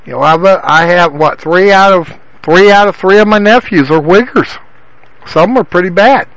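A man gives an informal Bible teaching, rambling and repeating himself with frequent restarts, filler phrases and lots of "you know." His high-pitched voice moves at a moderate pace with a fairly bright tone. The recording is dry and rough.

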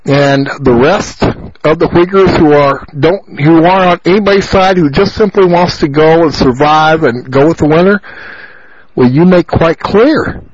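Ranting high-voiced male radio host. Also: a little mellow, husky, dry recording. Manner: ranting, insistent, repeats phrases. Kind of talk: talk radio monologue. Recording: dull lo-fi radio sound.

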